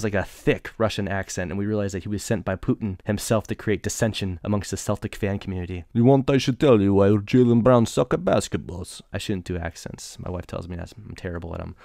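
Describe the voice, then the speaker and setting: A man's voice: on the low side, gravelly, no room sound, studio quality. A man in his thirties hosting a podcast, chatty and self-deprecating, joking between topics. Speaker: podcast host. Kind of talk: casual podcast monologue and interview.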